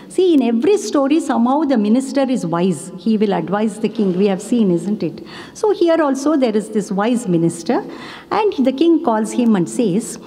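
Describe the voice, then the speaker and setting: A woman's voice: mid-range voice, warm tone. A woman giving a devotional talk with stories, earnest and often adding "you know" and "isn't it". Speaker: devotional speaker. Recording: long hall reverb.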